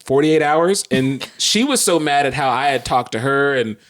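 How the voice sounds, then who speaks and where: A man co-hosting a podcast, telling a story in a casual chat, animated and laughing, acting out the quotes in quick bursts. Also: medium pitch. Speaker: podcast co-host.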